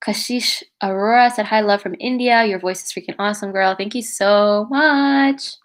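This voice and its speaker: A young woman hosts a casual livestream, speaking at medium pitch and normal speed. A cover singer, she reads out viewer comments and chats in a gushing way, with lots of "like"s and "oh my God"s.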